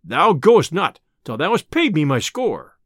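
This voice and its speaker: A man's voice: fairly high pitch, sing-song, measured pace, fairly bright tone, no echo, studio quality, heavily acted. A man voicing a greedy, timid innkeeper who wheedles and then digs in his heels. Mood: stubborn, insistent. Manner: wheedling then stubborn, archaic speech.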